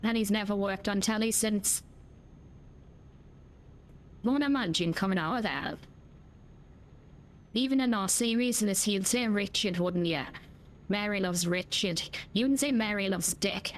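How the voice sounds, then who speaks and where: A woman's voice: mid-range voice, a little slow, pauses often. A woman streaming a driving game, chatting in a cheeky, jokey, rambling way. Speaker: gaming streamer. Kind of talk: casual gameplay chat.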